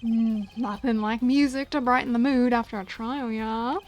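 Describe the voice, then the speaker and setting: A woman's voice: on the high side, steady tone, moderate pace, darkish tone, highs cut off, soft background music, close to an everyday voice. A woman voicing a suave, self-assured male rock-star prosecutor while reading game dialogue aloud. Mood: smooth.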